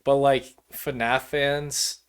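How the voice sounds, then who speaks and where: A man co-hosting a casual movie review podcast, relaxed and quick to agree. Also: medium pitch, clear, resonant tone. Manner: laid-back, brief agreeing replies. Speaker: podcast co-host.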